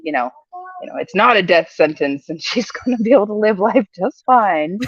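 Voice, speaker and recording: A woman in her forties telling a family story in casual chat, lively and quick to laugh. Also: fairly high pitch, low-quality recording. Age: 40s. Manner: animated, laughs often.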